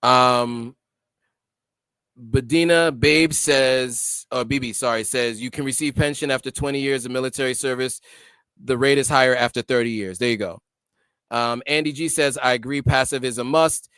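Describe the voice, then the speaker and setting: A man's voice: mid-range voice, steady tone, moderate pace, fairly bright tone, clear, resonant tone, dry recording. A middle-aged American man hosting a casual livestream, reading out viewer comments and answering them with many ums and restarts.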